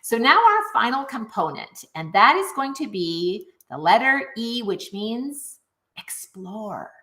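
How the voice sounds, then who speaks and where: A middle-aged woman teaching music in an online video, her voice bright and ringing. She talks straight to the viewers, upbeat and animated, her pitch swooping up and down. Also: measured pace. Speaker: music teacher and program founder.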